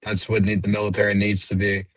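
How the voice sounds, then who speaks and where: A man's voice: lowish voice, monotone, fast, fairly bright tone, no room sound, rough recording. A man in his late twenties, blunt and combative in a heated panel debate. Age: late 20s. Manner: blunt and combative, mocking voices. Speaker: panel guest.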